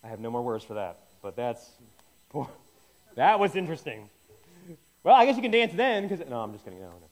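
At normal speed, with frequent pauses, this pastor's medium, sing-song voice carries a casual Bible lesson. He keeps interrupting himself, restarting sentences and dropping jokey asides.

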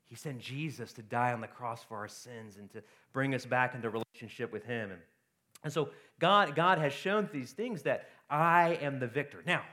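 Preaching in a chatty, conversational manner, this pastor has a fairly bright, mid-range voice. "Right?" he asks the congregation again and again to keep them with him.

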